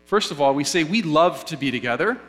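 A man delivers a sermon in a slightly high voice, stumbling and restarting as he gathers his thoughts. His words ring out with a long reverb from the hall he speaks in. A faint electrical hum sits underneath. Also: soft background music. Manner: halting, many restarts, animated when telling a joke. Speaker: pastor.

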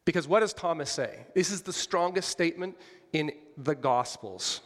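A man gives a relaxed, conversational sermon, putting questions to his listeners and adding touches of humor. His voice sits a little high for a man. The sound rings with the long reverb of a large hall. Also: normal speed. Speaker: pastor.

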